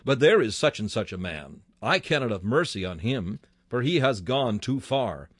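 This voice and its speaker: A man's voice: medium pitch, big pitch swings, normal speed, breathy edge, no room sound, studio quality. A man preaching a sermon with fervent delivery, his voice rising sharply on key words.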